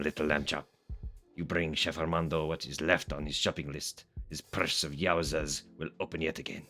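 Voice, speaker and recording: A man's voice: lowish voice, bright, forceful tone. A man voicing a grandiose male demon chef who speaks of himself in the third person, on a game stream.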